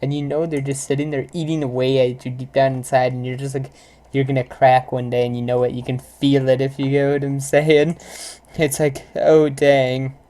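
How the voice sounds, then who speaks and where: A woman's voice: a bass voice, little pitch movement, moderate pace, dark tone. A young woman vlogger ranting live about pet peeves, exasperated and rambling, full of "like" and "if you know what I'm saying". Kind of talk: live casual rant to viewers.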